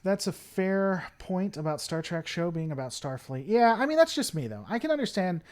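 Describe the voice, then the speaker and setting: Guy streaming from home, kinda high voice that bounces all over, rambles n answers chat. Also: big pitch swings, moderate pace, darkish tone. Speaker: livestream host. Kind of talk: casual chat with viewers.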